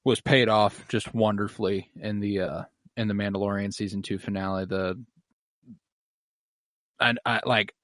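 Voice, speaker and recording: A man co-hosting a podcast, chatting casually with relaxed, enthusiastic opinions. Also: lowish voice, normal speed, long pauses, no room sound. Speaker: podcast co-host. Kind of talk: casual chat.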